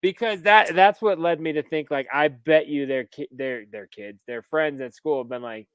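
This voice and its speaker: A man's voice: fairly high pitch, normal speed, hardly any pauses, fairly bright tone, clean tone, dry recording, clean studio sound. A man in his thirties, a podcast co-host, telling stories in a casual chat, laughing often and swearing freely.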